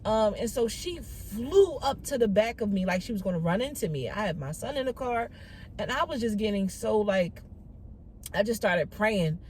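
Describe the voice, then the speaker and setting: A woman's voice: medium pitch, animated, normal speed, darkish tone, slight background noise, poor audio. A woman vlogger in casual, chatty storytelling with many fillers, giving faith-based encouragement. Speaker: Christian vlogger.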